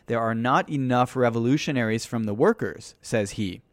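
A podcast host with a medium-pitched voice reads a political text aloud at normal speed in steady narration, with no echo. He voices every quotation mark, saying "quote" and "unquote".

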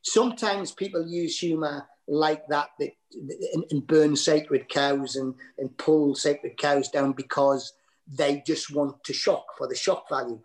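A man's voice: fairly high pitch, fairly even intonation, unhurried, poor audio. A middle-aged man with a Geordie accent, a comedian telling stories in a casual interview, rambling with lots of fillers and restarts. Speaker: comedian guest.

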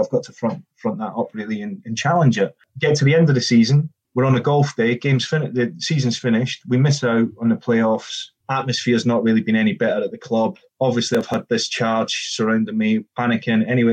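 A man's voice: mid-range voice, fairly even intonation, a little fast, few pauses, a little mellow, breathy edge, rough recording. A middle-aged man and former footballer telling a casual anecdote, acting out the quoted dialogue with frequent restarts.

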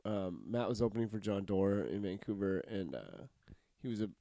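A man hosting a casual comedy podcast, loud and profane, laughing often and slipping into joking accents. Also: on the low side, moderate pace, no room sound, clean studio sound. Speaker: podcast host.

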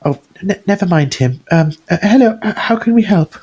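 A man voicing a nervous, eager wiry woman blacksmith in a tabletop game, stammering in a high, fluttery voice. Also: expressive, a little fast, a little mellow, slightly rough, highs cut off. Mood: flustered, eager. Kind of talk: tabletop role-play character voice.

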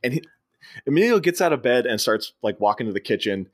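A man's voice: mid-range voice, sing-song, fast. A man co-hosting a podcast, retelling a movie's scenes in a rambling, amused, casual way. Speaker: podcast co-host. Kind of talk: casual film recap.

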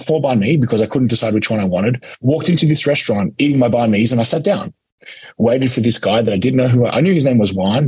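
Husky-voiced Australian man telling stories. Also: medium pitch, no room sound, rough recording. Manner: animated anecdote-telling, acts out quotes. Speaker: interview guest, competitive eater. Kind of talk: casual storytelling.

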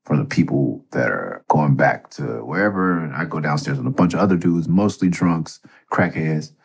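Deep, husky-voiced man telling a story. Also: expressive, moderate pace. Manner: profane, rambling, conversational. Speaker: podcast host. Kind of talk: casual storytelling.

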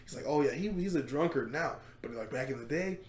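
A man hosting a podcast, retelling a story in casual chat, animated and laughing, with lots of fillers and swearing. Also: mid-range voice, a little fast, reverberant. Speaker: podcast host.

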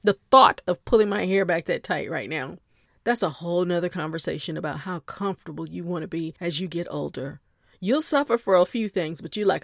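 A woman's voice: fairly low pitch, animated, a little fast, creaky, no room sound, clean studio sound. A middle-aged woman hosting a podcast in casual chat, playful and chatty, laughing often. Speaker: podcast host.

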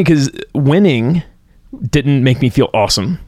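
A man co-hosting a podcast, sharing his own story in relaxed, chatty talk. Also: mid-range voice, brisk, dry recording, studio quality. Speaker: podcast co-host. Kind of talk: casual podcast chat.

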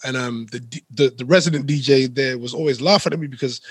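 A man's voice: medium pitch, fairly even intonation, quick pace, husky, no echo. A man, a guest DJ, telling rambling stories in a laid-back podcast chat. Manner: rambling, laid-back storytelling with London slang.

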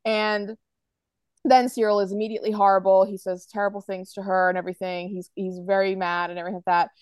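A woman's voice: medium pitch, little pitch movement, fast, clear, resonant tone, no echo. American woman, dry close mic, rambling. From United States. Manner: rambling, acts out quotes from scenes. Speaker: podcast co-host. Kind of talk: casual chat.

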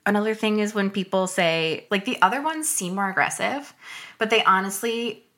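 Bright animated woman telling anecdotes. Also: medium pitch, normal speed. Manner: animated storyteller who acts out dialogue, laughs often, blunt. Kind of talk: casual conversation telling anecdotes.

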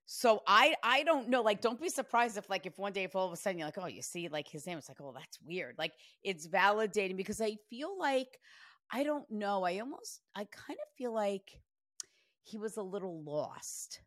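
A woman's voice: medium pitch, animated, moderate pace, fairly bright tone, no room sound. A chatty woman medium talks loosely, full of "like" and quoted messages. The sound is dry and close, with no room around her voice. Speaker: psychic medium host. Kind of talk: casual reading session.

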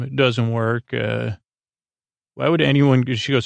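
Man, podcast host, gravelly voice, flat delivery, rambling casual recap, lots of fillers. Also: medium pitch, unhurried, no room sound. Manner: rambling retelling, many fillers.

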